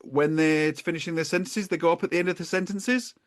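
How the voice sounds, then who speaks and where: A man from England with a British accent, hosting a podcast and chatting in a relaxed way. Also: on the high side, quick pace. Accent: British English. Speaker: podcast host. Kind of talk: casual chat.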